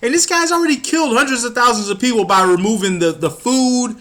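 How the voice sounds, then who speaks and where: A man's voice: very high-pitched, fast talker, fairly bright tone. A man from the United States ranting about politics, heated and profane, stumbling over his words as he gets worked up. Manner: stumbles and restarts when worked up. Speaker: political commentator. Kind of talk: angry political rant.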